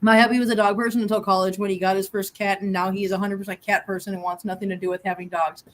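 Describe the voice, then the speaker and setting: A woman's voice: medium pitch, level tone, rapid-fire. A woman hosting a casual live-stream chat from home, laughing often and cooing at her cats. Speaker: host.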